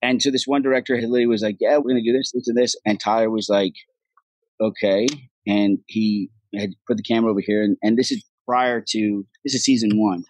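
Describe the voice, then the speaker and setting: A man being interviewed as an actor guest, telling stories in a casual, profane, animated way and acting out what others said. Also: fairly low pitch, fast, no room sound, rough recording.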